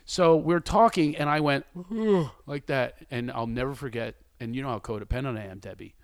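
A man's voice: medium pitch, a little fast, clean tone, no room sound. A man in his sixties hosting a podcast in casual chat, telling stories with lots of laughter and acting out the lines he quotes. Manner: animated storyteller who acts out quoted lines; laughs often while talking. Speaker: podcast host.

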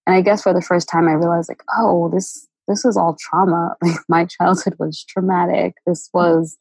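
A woman guest telling a painful personal story, halting and emotional, with many fillers and restarts. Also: lowish voice, flat delivery, creaky, a little mellow, husky, no room sound, poor audio. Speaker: interview guest.

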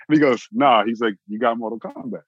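A man from Austin, Texas, an actor telling his own story in an interview, animated and repeating phrases for emphasis. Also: medium pitch, normal speed, no room sound, highs cut off. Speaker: actor, guest.

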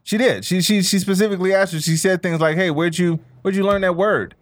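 A man's voice: sits high, steady tone, fairly quick. A man in a casual podcast debate, insisting on his point, repeating phrases and stammering as he argues.

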